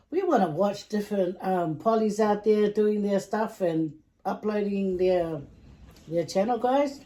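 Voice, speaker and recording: Chatty giggly woman vlogger, mellow voice. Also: medium pitch, rough recording. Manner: chatty and giggly, trails off into soft asides. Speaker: vlog host and mother. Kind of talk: casual chat while eating.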